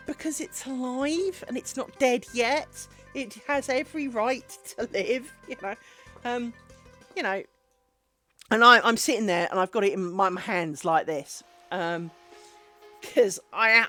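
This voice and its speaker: A woman's voice: on the high side, a little slow, sharp tone, soft background music. A woman livestreaming her crafting, chatting and telling rambling anecdotes full of ums. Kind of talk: casual chat while crafting. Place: home craft stream setup.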